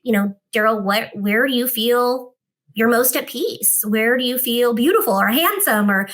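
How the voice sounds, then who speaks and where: A woman with a bright, forceful voice that sits a little high, talking as a podcast guest. She tells her story with energy and acts out the lines of each person in it. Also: moderate pace. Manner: expressive, acts out dialogue in her stories. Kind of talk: animated storytelling in conversation.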